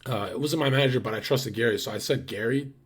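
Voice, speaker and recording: A man's voice: mid-range voice, fast talker, husky. A man streaming live, ranting casually to his chat, blunt and profane, with lots of fillers and restarts.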